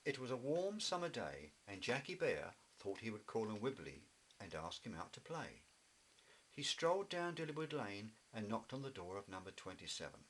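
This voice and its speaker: A man reading a children's story aloud in a gentle, expressive way. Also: lowish voice, moderate pace, breathy edge, rough recording. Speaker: narrator.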